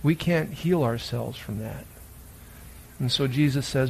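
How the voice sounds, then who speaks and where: A man's voice: mid-range voice, measured pace, creaky, a little mellow, a little hiss or hum, poor audio. A man preaching a children's sermon in church, reading scripture and then asking the children playful questions. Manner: playful, asks the listeners many questions. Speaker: pastor.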